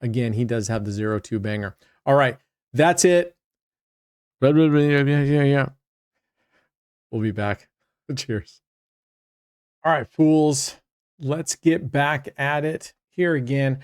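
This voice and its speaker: Playing roulette on his channel, the host talks casually to viewers and frequently leaves sentences unfinished. He speaks a little slowly in a mid-range voice, recorded with studio quality and no room sound.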